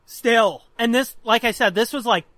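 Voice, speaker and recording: High-voiced, bright, crude storytelling man. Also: normal speed, no echo. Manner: animated, crude, laughs often. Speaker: podcast co-host. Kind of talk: casual chat, storytelling.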